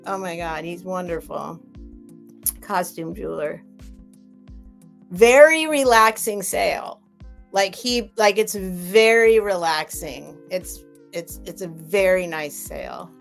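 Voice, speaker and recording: Slow, chatty woman hosting a live sale. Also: on the low side, gravelly, faint music behind. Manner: rambling, gushing thanks to viewers. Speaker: live-stream sale host. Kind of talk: chatty live stream with viewer chat.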